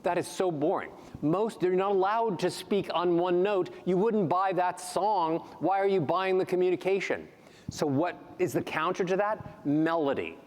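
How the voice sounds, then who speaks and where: Man voice coach on a conference stage, kinda high voice, big echoey hall. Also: normal speed. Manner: animated, swings pitch to demonstrate melodies. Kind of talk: panel talk with vocal demonstrations. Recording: long hall reverb.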